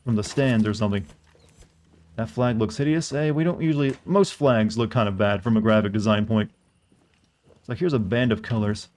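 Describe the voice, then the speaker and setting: A man's voice: on the low side, moderate pace, darkish tone. A man streaming a game, chatting casually with his viewers and answering their questions, often restarting his sentences. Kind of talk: casual gameplay commentary.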